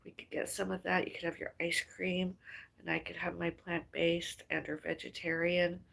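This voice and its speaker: A woman's voice: fairly low pitch, little pitch movement, moderate pace, vocal fry, fairly bright tone. A woman chatting casually on a livestream. She rambles and muses aloud, trails off mid-thought, and sighs between ideas.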